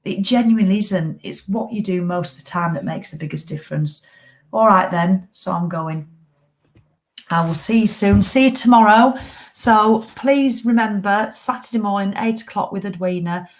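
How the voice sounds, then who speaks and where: A woman's voice: medium pitch, normal speed. A middle-aged woman with a British English accent, hosting a live walking group as a fitness coach in a chatty, blunt, motivational way with casual swearing. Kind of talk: casual live-stream chat.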